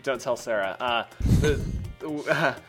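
A man's voice: medium pitch, measured pace, fairly bright tone, faint music behind. A young man, a webcomic artist, in casual podcast banter, rambling and joking at his own expense. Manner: joking, rambling, self-mocking with frequent laughs.

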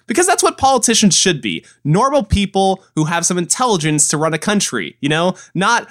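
A man's voice: high voice, very animated, a little fast, few pauses, fairly bright tone. A man co-hosting a casual gaming podcast, ranting and acting out quotes in mock voices. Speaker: podcast co-host. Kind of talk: casual chat.

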